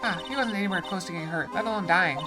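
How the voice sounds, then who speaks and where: A woman voicing a cheerful woman animal tamer in a game, reading her lines louder and brighter, with a breezy, upbeat manner over game music. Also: fairly low pitch, racing, close to an everyday voice.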